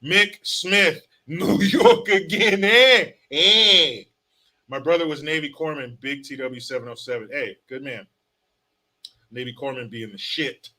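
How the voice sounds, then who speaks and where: A man's voice: medium pitch, moderate pace, pushed and bright. A man hosting a casual live stream, reading viewer comments aloud with joking, sarcastic asides. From California. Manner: joking, sarcastic, reads chat names aloud.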